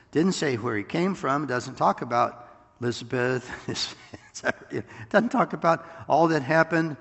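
A man preaching a sermon in an animated way, with chuckling asides and rhetorical questions to the congregation. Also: fairly high pitch, a little slow, creaky, in a large hall.

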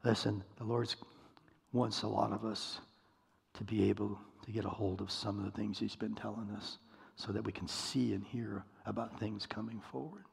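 Gravelly man preaching in a reverberant hall. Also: on the low side, steady tone, normal speed. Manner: storytelling, acts out voices, asks listeners questions. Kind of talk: sermon.

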